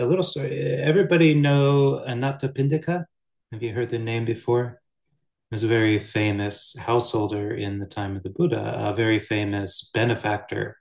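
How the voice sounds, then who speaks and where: Low-voiced man giving a dharma talk. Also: creaky. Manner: relaxed, storytelling, with fillers. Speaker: Buddhist teacher. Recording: roomy echo.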